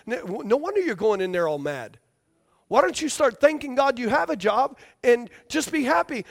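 A man's voice: very high-pitched, big pitch swings, a little fast. A man preaching a sermon to a congregation, emphatic, repeating key phrases and checking that they follow him. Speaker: pastor.

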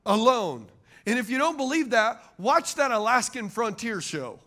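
High-pitched pastor preaching. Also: male voice, very animated, normal speed, bright, forceful tone. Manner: call-and-response preaching, asks the crowd for amens. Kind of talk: sermon.

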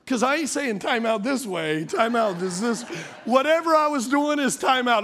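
A man's voice: extremely high pitch, lively intonation, normal speed, fairly bright tone. A man delivering a humorous sermon in a playful, conversational way, often calling out to the audience for agreement. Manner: conversational, drops into folksy slang.

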